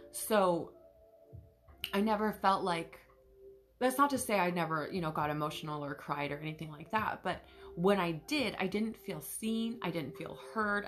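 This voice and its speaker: A woman with a somewhat low voice hosts her own podcast in a loose, candid monologue. She talks freely, with plenty of fillers and casual swearing. Faint music sits underneath. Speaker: podcast host.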